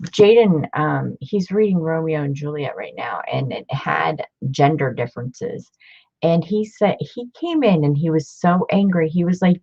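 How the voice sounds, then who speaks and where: Low-voiced chatty woman vlogger. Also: animated, a little slow, gravelly, mellow, dull audio. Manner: chatty, gushing over finds. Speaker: book collector showing her collection. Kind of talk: casual vlog show-and-tell.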